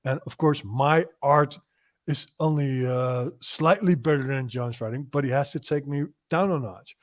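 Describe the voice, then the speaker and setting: A man's voice: mid-range voice, moderate pace. A man hosting a casual, profane chat, often cutting in with enthusiasm. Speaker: podcast host.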